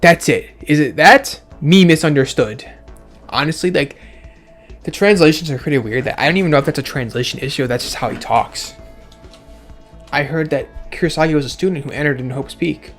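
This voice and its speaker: A man giving casual, sarcastic commentary with frequent swearing as he reacts aloud to a game's dialogue. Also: mid-range voice. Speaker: let's play gamer. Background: faint game music.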